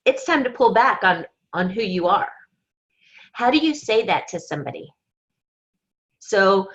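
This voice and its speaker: A woman speaks earnestly on a team conference call, her voice at a middling pitch. She tells stories with strong faith, often quoting others. The audio is dull and lo-fi. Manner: earnest, faith-driven, storytelling with quoted asides. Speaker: team leader.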